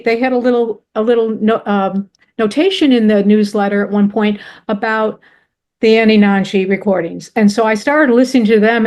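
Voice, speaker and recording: A woman's voice: fairly high pitch, a little mellow. A woman telling a personal story with earnest emotion, often restarting her sentences. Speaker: presenter.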